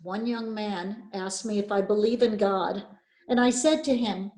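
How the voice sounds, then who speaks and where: A woman's voice: medium pitch, a little slow, a little mellow. Give me an emphatic older woman telling her story in an echoey room. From Poland. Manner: earnest, emphatic, repeats key phrases. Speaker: Holocaust survivor speaker. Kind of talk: personal testimony talk.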